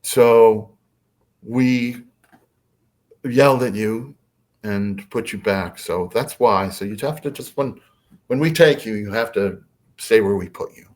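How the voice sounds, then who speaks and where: A man doing a calm, stern gray alien. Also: on the low side. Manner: measured, explaining like a warning.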